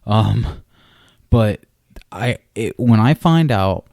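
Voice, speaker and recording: A young adult man co-hosting a podcast, talking in a rambling, halting way, full of fillers and swearing. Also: lowish voice, expressive, vocal fry, darkish tone, dry recording, clean studio sound. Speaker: podcast co-host. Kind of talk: casual chat.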